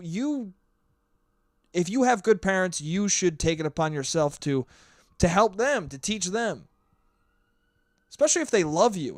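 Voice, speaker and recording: Young dude podcasting hungover, kinda high voice, cussing a lot, rambly but sincere. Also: male voice, no room sound. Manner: rambling, profane and earnest, with laughs. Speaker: podcast host. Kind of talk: casual solo podcast monologue. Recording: dry close sound with sirens outside.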